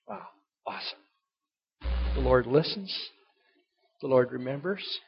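A pastor preaching a sermon, emphatic and conversational, who drives home key points by repeating them, in a dull lo-fi recording. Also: male voice, a little high, sing-song, measured pace, pauses often, breathy edge.

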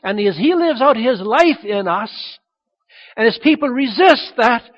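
A middle-aged man preaching a sermon as pastor, animated and acting out the voices he quotes. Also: extremely high pitch, unhurried, in a large hall. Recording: dull lo-fi sound.

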